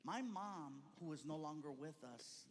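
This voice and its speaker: A male comedian telling a long story on stage, acting out every character, on a recording with clear background noise. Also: fairly high pitch, measured pace, in a large hall. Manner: animated, acts out every character. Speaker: stand-up comedian. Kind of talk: stand-up storytelling.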